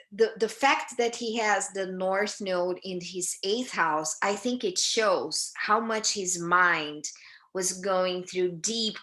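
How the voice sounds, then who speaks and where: Slow bright-voiced woman, halting. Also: medium pitch. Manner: hesitant, many fillers and restarts. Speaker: astrology teacher. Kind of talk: live group talk on astrology. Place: United States.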